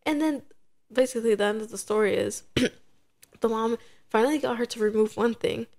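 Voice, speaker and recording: A young woman in her twenties chats on a podcast, and her voice sits a little high. She tells her story with energy and acts out what each person said in quick quoted voices. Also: a little mellow. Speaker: podcast co-host. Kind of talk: casual chat.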